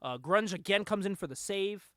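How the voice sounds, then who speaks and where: A man hosting a casual podcast chat, retelling a movie in an animated way, acting out the characters' lines and laughing often. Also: sits high, moderate pace, no echo, studio quality. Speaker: podcast host.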